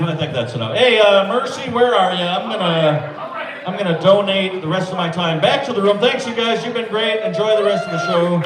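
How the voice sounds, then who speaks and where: A man's fairly high voice carries a deadpan, self-deprecating stand-up delivery. He sounds echoey and a little distant from the mic, with a lively crowd laughing around him in a small club. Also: fairly quick. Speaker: stand-up comedian. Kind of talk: open-mic stand-up set. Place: small comedy club or bar.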